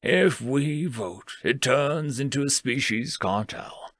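A man doing a slow, measured alien elder. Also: mid-range voice, expressive, fairly bright tone, dry recording, studio quality. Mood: calm. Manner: slow, deliberate. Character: eldest alien male, calm and measured elder.

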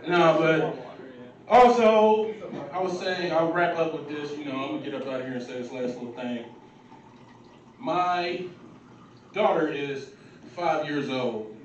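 Man, thirties, stand-up comic, loose and profane, roomy distant sound. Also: a little high. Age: 30s. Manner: loose, profane, conversational delivery with acted-out quotes. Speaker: stand-up comedian. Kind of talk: open mic stand-up set. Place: comedy club stage. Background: crowd laughing.

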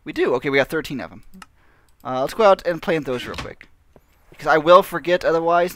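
A man's voice: a little high, expressive, fast talker, slight background noise. A man giving casual, rambling gameplay commentary, mocking himself and laughing often. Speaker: gaming channel host.

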